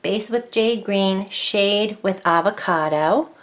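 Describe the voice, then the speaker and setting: A woman speaks slowly at medium pitch while walking through a casual painting tutorial at her craft desk at home. Her talk is chatty and rambling, sinking into a soft mutter when she focuses.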